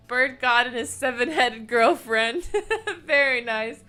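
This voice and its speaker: Her voice sits a little high, bright and pushed, and she takes her time. This young woman is livestreaming a game from her home desk mic, chatting emotionally, gushing, and cooing baby talk at her pets.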